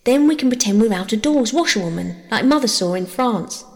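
A woman voicing an eager, bossy young girl in a storybook reading, bright and chatty, with a gravelly edge and long reverb. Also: on the high side, expressive, brisk. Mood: playful.

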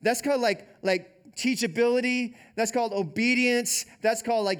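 High-voiced man preaching a conversational sermon. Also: normal speed, hardly any pauses, clear, resonant tone. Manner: conversational, animated preaching with repeated "like". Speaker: pastor.

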